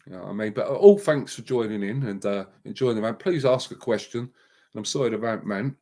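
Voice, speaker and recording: A man's voice: lowish voice, fairly quick, warm tone. A man hosting a live stream and ranting heatedly, with repeated emphatic outbursts and words said over and over. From England.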